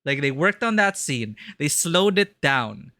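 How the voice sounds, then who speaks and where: A man streaming a horror game, chatting excitedly and laughing often as he plays. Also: on the high side, a little slow, no echo, clean studio sound. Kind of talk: live gameplay commentary.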